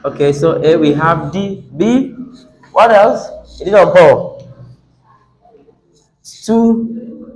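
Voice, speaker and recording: A man's voice: on the high side, animated, slow pace, darkish tone. A man teaching an English class on word stress, asking students questions and repeating words with the stress moved around. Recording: echoey classroom.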